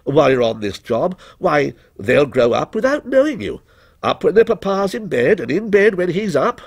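A man voicing a brooding, mysterious male stranger who asks slow, probing, needling questions. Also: a little high, big pitch swings, breathy edge, no room sound, voice pushed up, exaggerated voice. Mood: insinuating.

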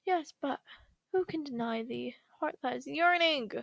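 A woman voicing a dreamy young male bee, speaking softly and hesitantly. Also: high-pitched, measured pace, creaky, dry recording, exaggerated voice.

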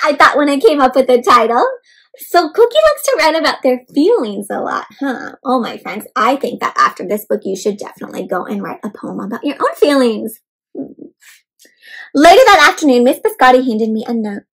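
A woman doing an interactive read-aloud of a picture book for children, animated, with gasps and questions to the listeners. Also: sits high, moderate pace, rough recording. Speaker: children's storyteller.

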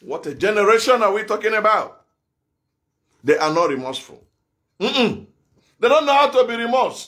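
A man preaching an impassioned, repetitive sermon, often breaking into shouts. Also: high voice, big pitch swings, moderate pace, long pauses. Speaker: evangelist preacher.

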